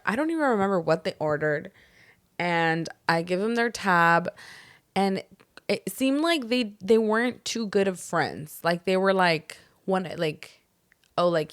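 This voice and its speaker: A woman's voice: mid-range voice, clean tone, no room sound, studio quality. A young woman co-hosting a casual podcast, telling stories, swearing freely and acting out what people said. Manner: storytelling, swears freely, acts out quotes. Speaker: podcast co-host. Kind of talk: casual chat.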